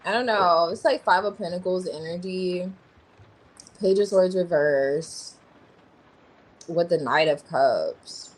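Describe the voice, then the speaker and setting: A woman's voice: on the low side, takes it slowly, pauses often, rough recording. A woman giving a tarot reading on a livestream, thinking aloud as she turns over cards. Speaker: tarot reader.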